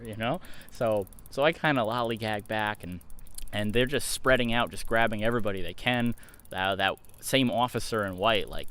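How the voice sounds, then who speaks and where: A man from Connecticut telling a personal story in a casual, animated way, acting out the quotes. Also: on the low side.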